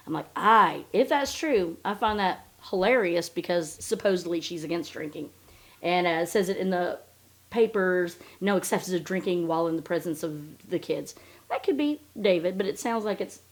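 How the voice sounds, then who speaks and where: A woman hosting a podcast, ranting in a blunt, sarcastic way with lots of swearing. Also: on the low side. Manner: blunt, sarcastic and heavily profane. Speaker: podcast host. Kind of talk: casual ranting podcast commentary.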